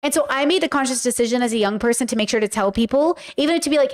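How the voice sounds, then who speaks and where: A woman with a high voice hosts a casual commentary podcast. She talks in a chatty, animated way and slips into quick acted-out lines of dialogue. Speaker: podcast host reacting to a clip.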